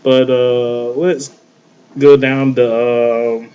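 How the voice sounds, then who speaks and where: A man's voice: mid-range voice, flat delivery, very slow, warm tone, clean tone. A man hosting a casual wrestling podcast, talking loosely with lots of fillers. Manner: loose, rambling, many fillers. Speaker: podcast host. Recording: dull lo-fi online call audio with light hiss.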